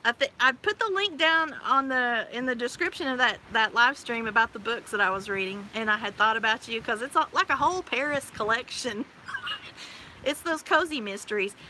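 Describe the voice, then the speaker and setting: Bright, high-voiced bubbly woman in her forties. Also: moderate pace. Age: 40s. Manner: bubbly, chatty, laughs often. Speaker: livestream host. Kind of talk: casual live-stream chat. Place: outdoors by a pool on a windy day. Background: wind gusts.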